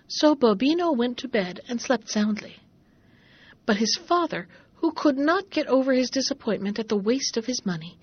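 A woman's voice: mid-range voice, husky. A woman reading a fairy tale aloud, changing her voice for the figures in the dialogue. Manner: reads dialogue with lively shifts of voice for each figure. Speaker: storyteller. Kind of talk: scripted fairy tale narration. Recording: dull lo-fi recording.

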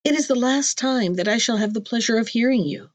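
Woman doing sweet little sister voice, coaxing, a bit higher, dry. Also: brisk, no room sound, natural voice. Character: young woman, loving devoted sister.

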